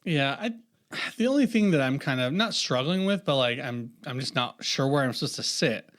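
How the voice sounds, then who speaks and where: A man's voice: mid-range voice, animated, moderate pace, fairly bright tone. A man co-hosting a casual podcast, talking in a laid-back, rambling way. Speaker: podcast co-host. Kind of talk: casual chat.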